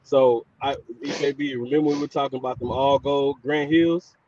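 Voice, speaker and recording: A man telling a story in an animated, casual way on a livestream. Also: mid-range voice, normal speed, muffled recording. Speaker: livestream guest. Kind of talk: casual storytelling on a video call.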